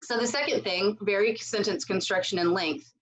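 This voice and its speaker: A woman's voice: mid-range voice, moderate pace, rough recording. A woman teaching a casual recorded writing lesson from home, speaking loosely with many fillers and asides. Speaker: writing instructor.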